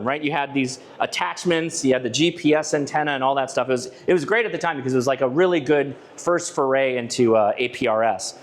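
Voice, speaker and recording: A man from Southern California giving a conversational presentation at a club, telling stories with frequent restarts and asides to the audience. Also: medium pitch. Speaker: ham radio channel presenter giving a club talk. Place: club meeting room with a live audience.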